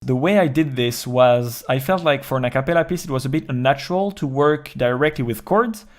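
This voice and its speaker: Male producer, home studio, calm tutorial walkthrough, faint music under the voice. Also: medium pitch, a little fast. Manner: calm step-by-step walkthrough, counting beats aloud. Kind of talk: explaining a music production process.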